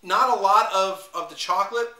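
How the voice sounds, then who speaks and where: A man with a bright, forceful, slightly high voice talks through a wine review, filling gaps with ums and uhs. He sounds set back from the mic in an echoey room. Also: normal speed, recorded from a distance. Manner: rambling, many fillers, unsure of pronunciations. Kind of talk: casual video review.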